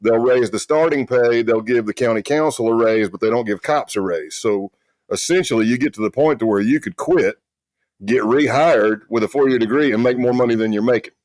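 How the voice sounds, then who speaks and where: A middle-aged man, a retired federal agent from South Carolina, telling stories in a loud, brash, boisterous way in a casual interview. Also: medium pitch, a little fast, no echo. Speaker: guest, retired FBI agent.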